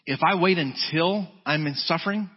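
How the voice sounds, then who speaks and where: Emphatic man preaching a sermon, husky voice. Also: normal speed. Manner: emphatic, rising to high urgent peaks then dropping low and quiet. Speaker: pastor. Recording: dull lo-fi sound.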